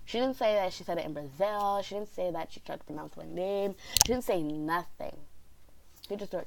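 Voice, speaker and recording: A woman's voice: medium pitch, moderate pace, gravelly, a little hiss or hum, poor audio. Young woman, casual storytime vlogger, rambling and chatty. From Canada. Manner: chatty, rambling, animated quoting of others.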